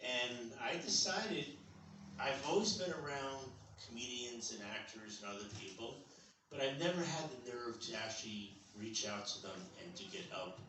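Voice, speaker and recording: A man's voice: mid-range voice, lively intonation, normal speed, bright, forceful tone. A man in his sixties doing a stand-up comedy set, telling stories in a rambling, conversational way. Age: 60s. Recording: echoey club from far off, audience noise.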